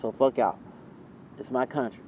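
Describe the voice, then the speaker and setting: A man's voice: medium pitch, steady tone, moderate pace, dark tone, a little hiss or hum, low-quality recording. A man telling a rambling, profane story in a blunt, casual way, recorded outdoors. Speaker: vlogger.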